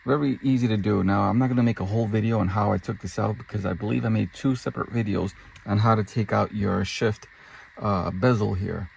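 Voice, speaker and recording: Gravelly-voiced man in a casual vlog. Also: lowish voice, fairly even intonation, a little fast, a little mellow, a little hiss or hum. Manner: casual, thinking aloud, filler words, counting up prices. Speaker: car parts reseller vlogger. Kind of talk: casual show-and-tell vlog.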